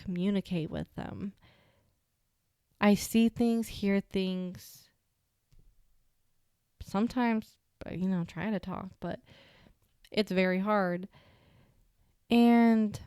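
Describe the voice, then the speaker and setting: A young woman hosts her own podcast, talking casually and rambling with plenty of filler words. Her voice is smooth and clear, and it is recorded close and dry with no room sound. Her pitch sits in the ordinary middle range for a woman. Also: mellow, dry recording. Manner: chatty, rambling, with many "like" fillers. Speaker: podcast host. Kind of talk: casual solo podcast storytelling.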